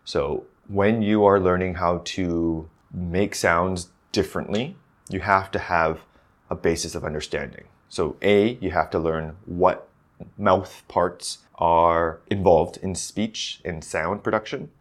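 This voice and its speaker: Very low-voiced man musing on his podcast. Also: slow pace. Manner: thinking aloud, with many fillers and restarts. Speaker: podcast host, accent coach. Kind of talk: casual solo podcast monologue.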